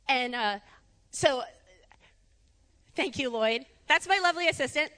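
Bright, high-voiced woman preaching. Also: a little slow, pauses often, big-room sound. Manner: animated, chatty, laughs often. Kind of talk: conversational sermon. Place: church sanctuary.

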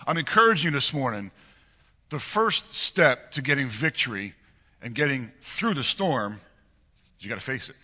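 A man preaching a sermon as pastor of a church, with a loose manner. His delivery is animated and conversational, with frequent chuckles and repeated words. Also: mid-range voice, slightly rough. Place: church sanctuary. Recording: long reverb of a church hall.

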